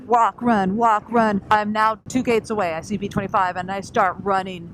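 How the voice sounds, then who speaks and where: A woman vlogging from her scooter while riding, telling a story in a lively way, acting out what people said and laughing often. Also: mid-range voice, moderate pace, hardly any pauses. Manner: animated, laughing, acts out quotes. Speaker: scooter rider vlogging on the road. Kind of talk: casual storytelling vlog. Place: on a scooter on the open road. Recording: wind and engine noise.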